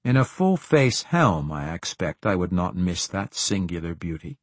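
A man voicing a suave, charming male dark elf rogue in an audiobook, with a smooth, flattering manner. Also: deep voice, moderate pace, no room sound. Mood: suave, teasing. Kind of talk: audiobook character reading.

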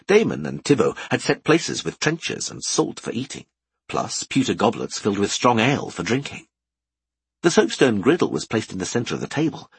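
A man narrating a fantasy audiobook with expressive storytelling. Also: on the low side, husky, dry recording.

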